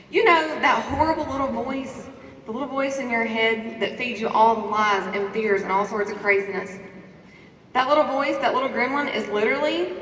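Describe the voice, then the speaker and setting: A woman giving a lively motivational talk to a conference audience, asking the crowd questions and preaching about faith and confidence. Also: on the high side, slight background noise. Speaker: conference speaker. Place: large conference hall. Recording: echoey hall recording from a distance.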